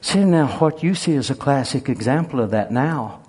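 A man's voice: mid-range voice, expressive, normal speed, a little mellow, husky. A man preaching a sermon, telling humorous stories in a folksy way. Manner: folksy, humorous, laughs at his own stories. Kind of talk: sermon with storytelling.

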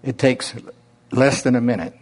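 A man with an Oklahoma accent preaching a sermon in a slow drawl, with emphatic rises and drops. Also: mid-range voice, a little mellow.

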